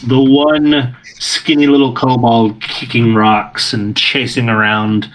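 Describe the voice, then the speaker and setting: A man's voice: mid-range voice, little pitch movement, takes it slowly, slight background noise, low-quality recording. A man running a tabletop game as game master, narrating with frequent laughs. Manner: laughing often, rambling.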